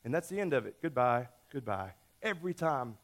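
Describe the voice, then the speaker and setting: A man preaching a sermon, telling a story in a playful, lively way with lots of shifts in emphasis. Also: medium pitch, a little fast. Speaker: pastor.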